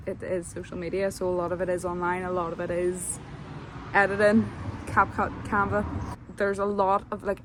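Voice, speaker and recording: A woman's voice: on the low side, a little hiss or hum. A young woman, telling a casual, rambling vlog story full of fillers. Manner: chatty, rambling, lots of fillers. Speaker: vlogger.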